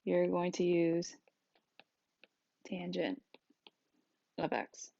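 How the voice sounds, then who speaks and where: Lower-voiced woman teaching math. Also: fairly even intonation, drawn-out words, creaky, mellow. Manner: patient step-by-step explaining. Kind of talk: recorded screencast lesson. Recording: dull dry lo-fi sound.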